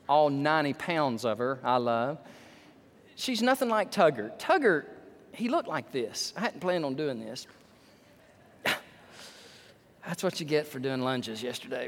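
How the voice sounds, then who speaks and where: Animated preacher in a reverberant hall. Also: male voice, fairly high pitch. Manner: animated, swinging between loud and hushed. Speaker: pastor. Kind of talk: sermon with storytelling. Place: church sanctuary.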